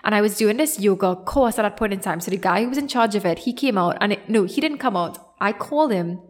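A young woman with a Trinidadian accent, hosting a podcast and telling a story in a casual, animated, self-deprecating way. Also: medium pitch, fast talker. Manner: animated, self-deprecating, acts out quoted voices. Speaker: podcast host.

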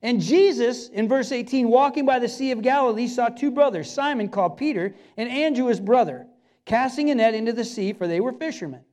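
A man's voice: very high-pitched, lively intonation, a little fast, a little mellow. A man preaching a sermon as pastor, emphatic and repetitive, speaking straight to his listeners.

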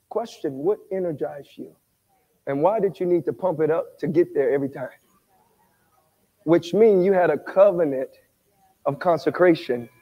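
A man with a strikingly high voice preaches in a church hall, his words trailing into a long echo. He swings his pitch all over the place, quizzing the congregation and rising to shouts. The livestream audio is dull and muffled. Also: breathy edge. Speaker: pastor. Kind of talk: sermon at a Bible study. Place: church sanctuary.

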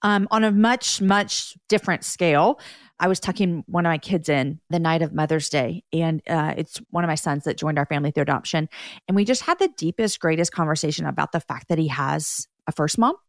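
A woman's voice: sits low, brisk, dry recording. Woman hosting a podcast, chatty and easygoing, dry close sound. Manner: warm, conversational, repeats words for emphasis. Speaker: podcast host. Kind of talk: casual interview chat.

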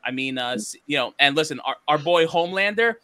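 A man co-hosting a podcast, chatting loosely and fast with lots of fillers. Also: a little high, no room sound. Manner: animated, quick, full of fillers. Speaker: podcast co-host. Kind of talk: casual chat.

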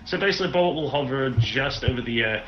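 A man's voice: mid-range voice, lively intonation, fast talker, highs cut off, faint music behind. A man playing a tabletop game, chatting casually, thinking aloud and swearing with enthusiasm. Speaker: player.

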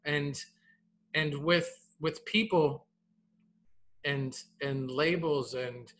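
Podcast guy in his 30s, bright edgy voice, talks in bursts and says man a lot. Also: fairly high pitch, drawn-out words, a little hiss or hum. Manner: animated, repeats words, says "man" often. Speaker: podcast co-host. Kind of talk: casual podcast chat.

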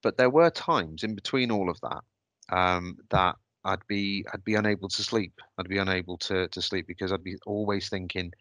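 A man hosts a podcast and tells a personal story. His voice sits very low, yet it comes across bright and forceful, and the sound is dry and close. He speaks hesitantly, pausing and restarting as he reflects. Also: no room sound. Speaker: podcast host.

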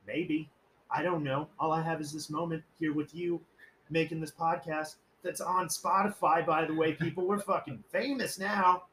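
A man's voice: on the high side, little pitch movement, moderate pace, a bit bright, slight background noise, poor audio. A man hosting a casual podcast, telling stories in a rambling, profane, joking way and acting out quoted voices. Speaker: podcast host.

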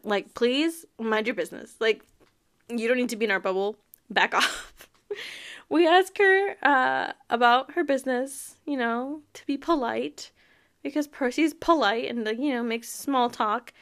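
Giggly, chatty woman host. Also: on the high side. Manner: giggly, chatty, animated, laughs often. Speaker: podcast host. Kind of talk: casual book and TV recap.

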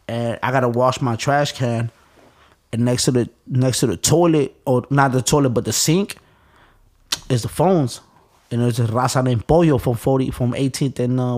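Halting, blunt storytelling from a man from Chicago, in a plain mid-pitched voice. He restarts his sentences often and talks rough and profane, as an interview guest recounting his own life. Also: a little mellow. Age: adult.

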